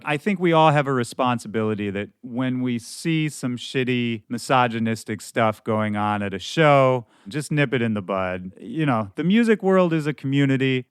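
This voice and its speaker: A man hosting his own podcast, talking loosely and candidly, his voice hoarse from shouting at a show the night before. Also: mid-range voice, no echo, studio quality. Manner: candid, loose and conversational, with some swearing. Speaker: podcast host. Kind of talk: casual podcast monologue.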